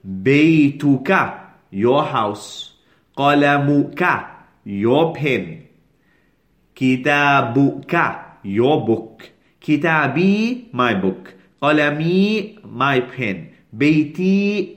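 A man teaching an Arabic lesson to a class, patient and repeating each phrase slowly. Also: medium pitch.

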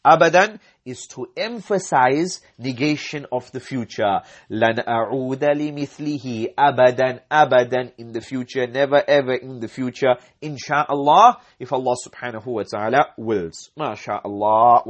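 A man's voice: mid-range voice, normal speed, hardly any pauses, lo-fi sound. A man teaching an Arabic lesson, reading each phrase, repeating it and explaining the grammar step by step. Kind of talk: language lesson, reading and translating.

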